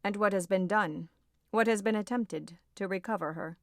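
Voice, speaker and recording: A woman reading an audiobook voices a grave gentleman, speaking with gentle, restrained concern. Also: mid-range voice, normal speed, no room sound, clean studio sound, close to an everyday voice.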